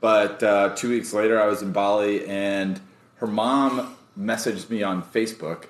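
A man, a guest, telling a story in casual chat, animated and laughing often, jumping up in pitch whenever he quotes himself or others. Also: measured pace. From United States. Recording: roomy echoey sound.

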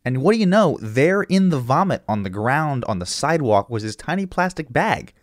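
A man's voice: mid-range voice, sing-song, normal speed, no room sound, studio quality. A man co-hosting a comedy podcast, rambling through jokey stories with plenty of fillers. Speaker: podcast co-host.

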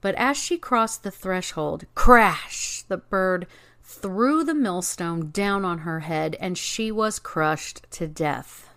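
Woman doing storybook narration, calm, expressive. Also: lowish voice. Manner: measured, expressive reading.

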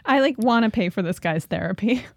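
A woman's voice: fairly high pitch, expressive, fairly quick, no room sound. A woman co-hosting a podcast, reacting with dramatic, exasperated outbursts and freely swearing. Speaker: podcast co-host. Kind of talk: casual comedic chat.

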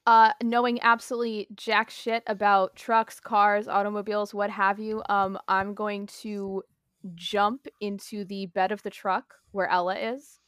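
A woman's voice: mid-range voice, little pitch movement, measured pace, a bit bright, clear, resonant tone, no room sound, studio quality. A woman playing in a tabletop game, talking casually and earnestly about her character. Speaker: player.

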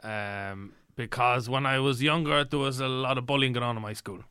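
An Irish man talking deadpan in an improvised comedy chat, playing an affected showbiz persona. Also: mid-range voice, normal speed, clear, resonant tone, no room sound. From Ireland. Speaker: comedy podcast guest.

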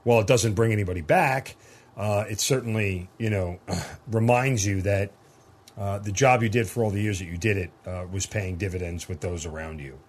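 A man hosting an interview, supportive and reflective, trailing off softly as he speaks. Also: fairly low pitch, moderate pace. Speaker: podcast host. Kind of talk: interview conversation.

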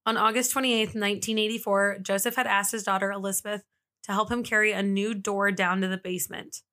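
A woman's voice: medium pitch, little pitch movement, a little fast, pushed and bright. A woman hosting a podcast, telling a true-crime story in a casual, chatty way with lots of "like" fillers. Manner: chatty, frequent "like" fillers, laughs easily. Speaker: podcast host.

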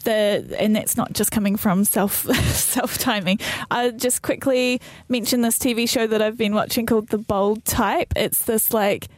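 A woman's voice: on the high side, steady tone, a little slow, few pauses, dry recording. Breezy woman steering a podcast chat. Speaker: podcast host keeping time. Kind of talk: casual chat.

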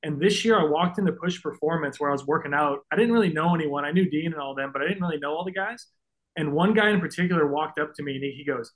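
A man's voice: fairly high pitch, fast talker, fairly bright tone, low-quality recording. A man in his thirties, a baseball player guest, talking earnestly and emotionally in a casual podcast chat, full of fillers. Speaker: guest, pro baseball pitcher.

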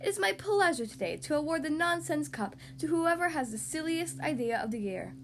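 A woman's voice: sits high, animated, brisk, a little hiss or hum. Woman playing a grand storybook king. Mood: proclaiming. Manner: grand, announcing to a crowd. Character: pompous male king of a silly land.

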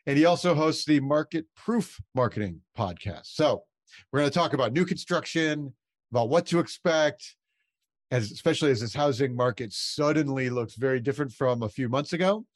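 Relaxed male podcast host, dry sound. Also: mid-range voice, normal speed, no room sound. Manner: relaxed, conversational with restarts. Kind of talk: casual interview hosting.

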